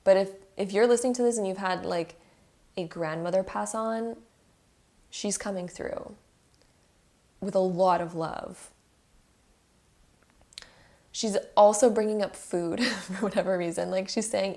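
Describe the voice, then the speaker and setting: A woman's voice: mid-range voice, fairly even intonation, unhurried, pauses often, darkish tone. A woman giving an intuitive tarot card reading straight to her viewers, earnest and emotional, talking in a chatty way full of "like" fillers.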